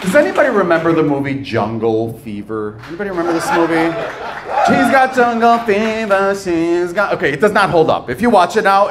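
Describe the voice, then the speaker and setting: A man doing a live stand-up comedy set on a club stage, with a playful, animated delivery and pauses for laughs. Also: on the high side. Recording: noisy live club recording.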